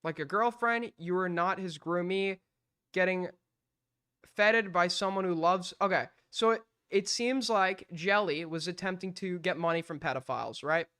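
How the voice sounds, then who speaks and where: A man with a high, bright and clear voice holds forth on his stream, blunt and argumentative, swearing freely. The sound is dry and close. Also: moderate pace, no echo. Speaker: streamer host. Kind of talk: heated live-stream commentary.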